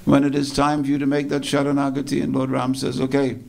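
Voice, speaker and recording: Male preacher, gravelly tone, storytelling sermon in a temple hall, unhurried and repetitive. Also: medium pitch, monotone, noisy background. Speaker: speaker at a temple festival.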